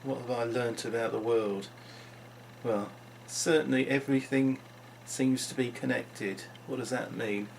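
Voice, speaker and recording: A man with a gravelly, creaky voice muses through an unscripted vlog monologue. His pitch sits mid-range for a man, and he wanders from thought to thought, often restarting his sentences. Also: fairly even intonation, measured pace, slight background noise. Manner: rambling, musing, with frequent restarts. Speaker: vlogger.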